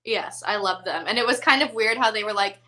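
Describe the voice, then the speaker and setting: Bright, chatty woman hosting a movie chat. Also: medium pitch, a little fast, low-quality recording. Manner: chatty, giggly, filler-heavy. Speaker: host.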